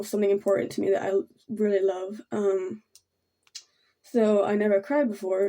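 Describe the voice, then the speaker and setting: A young woman chats through a personal story as she does her makeup, halting and rambling with constant fillers. Her voice stays mellow and low in tone, with little rise and fall. She sounds soft and keeps apologizing. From Thailand. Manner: halting and rambling, full of ums and likes. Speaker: vlogger. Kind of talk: casual storytime while doing makeup.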